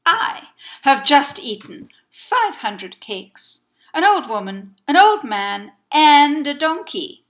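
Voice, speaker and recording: A woman's voice: high-pitched, big pitch swings, takes it slowly, a bit bright, pitched above the performer's own voice, full character voice. A woman doing a greedy boastful cat.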